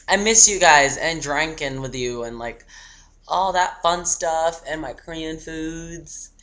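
This young man in his twenties rambles through a casual holiday video message with frequent giggles. His voice has a bright, forceful edge. His delivery stays loose and chatty, talking half to a toy. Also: mid-range voice. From Australia. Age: 20s. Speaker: vlogger.

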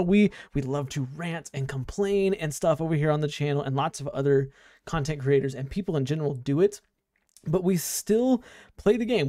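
A man's voice: fairly high pitch, a little mellow, dry recording, studio quality. A man giving casual, unscripted commentary as a gaming video creator, rambling with many fillers and restarts.

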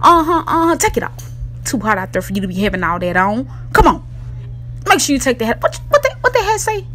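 A woman playing a bossy mother who loudly scolds her daughter. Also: sits high, big pitch swings, brisk, a little hiss or hum. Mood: scolding.

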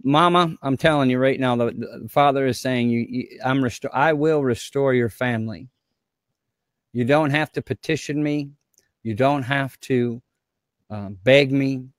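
A man's voice: mid-range voice, measured pace, no echo, studio quality. A man preaching as a guest pastor, fervent and repetitive, often speaking in the voice of God to his viewers.

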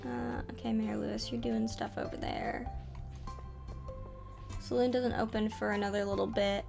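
A woman's voice: medium pitch, fairly even intonation, normal speed, creaky, over music. A woman streaming a game live, chatting casually in a playful, rambling way. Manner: playful, rambling, giggly asides. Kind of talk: casual live gameplay chat.

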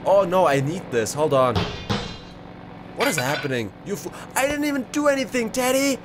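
Excitable gamer man, lively voice. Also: fairly high pitch, normal speed, pauses often, over music. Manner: excitable, exclaiming, rambling asides. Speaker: gaming video creator. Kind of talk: let's play commentary. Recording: clear background game noise.

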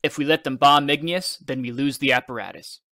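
A steady fighter-pilot father, as a male reader puts him on, speaking low and earnest with a gravelly edge. The reading is dry and close, with no room sound. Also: fairly quick, no room sound. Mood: resolute.

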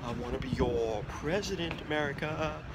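A man talking to camera outdoors on city streets, joking through a mock presidential campaign with drawn-out, sing-song slogans. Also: a little high, heavy background noise. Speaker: vlogger running a joke presidential campaign. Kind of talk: casual vlog to camera, mock campaign speech.

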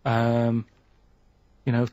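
A man on a radio show, explaining things slowly in casual banter and tagging sentences with "right?". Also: medium pitch, completely flat delivery, darkish tone, dry recording. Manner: plodding explainer, ends phrases with "right?".

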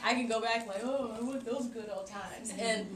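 A woman's voice: fairly high pitch, normal speed, a crowd in the background. Tearful, rambling young woman, roomy and distant. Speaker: granddaughter giving a tribute. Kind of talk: emotional family speech. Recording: roomy, distant home camcorder with noise.

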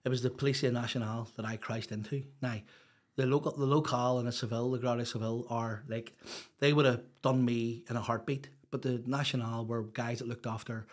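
Speaking a little fast in a level, medium-pitched voice, a Northern Irish man tells his life story as a guest on a podcast. It's a casual storytelling interview, and he rambles openly, saying "you know" constantly.

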